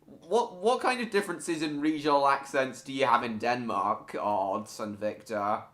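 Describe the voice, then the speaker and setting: A man's voice: mid-range voice, moderate pace, fairly bright tone. A man hosting a casual gaming live stream, chatting playfully with his viewers. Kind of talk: casual chat while gaming.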